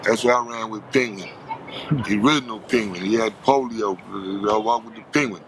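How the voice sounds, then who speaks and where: A man's voice: lowish voice, brisk, a bit bright, slight background noise. A man from Los Angeles telling stories in an interview, heavy with street slang. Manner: street slang, acts out quoted voices. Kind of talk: storytelling interview.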